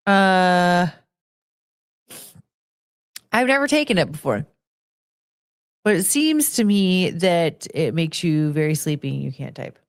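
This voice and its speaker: A woman's voice: fairly low pitch, lively intonation, takes it slowly, pauses often, dry recording, studio quality. A young woman hosting a casual livestream, chatty and rambling, slipping into baby talk with her dog. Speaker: livestream host.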